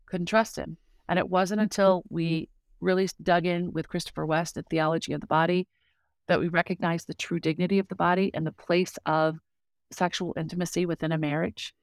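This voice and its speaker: A woman's voice: on the low side, flat delivery, a little fast, no echo, clean studio sound. A middle-aged woman speaking as a guest, telling a personal story in an earnest, heartfelt way with frequent fillers. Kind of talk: casual conversational testimony.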